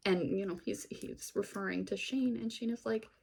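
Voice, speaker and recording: A woman's voice: medium pitch, moderate pace, gravelly, darkish tone, husky. A woman vlogger giving a casual, gossipy recap of a TV series, full of fillers and wry asides.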